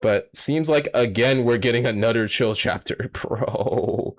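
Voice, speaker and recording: In a medium-pitched, unhurried voice with few pauses, a young streamer reacts live to a manga chapter. He's casual with his chat but swears and sounds fed up.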